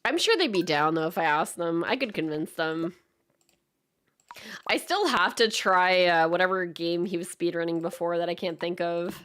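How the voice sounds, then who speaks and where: A woman's voice: fairly low pitch, expressive, moderate pace, fairly bright tone, clean tone. A woman from Canada chatting casually and laughing often while she streams a speedrun attempt. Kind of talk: casual live-stream chat while gaming.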